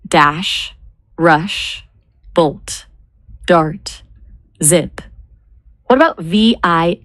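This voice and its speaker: A woman talks through ideas in an unhurried, measured way, often spelling words out letter by letter. Her voice sits a little low and she takes her time. The recording is close and dry. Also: no room sound. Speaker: brainstorming assistant. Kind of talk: casual brainstorming chat.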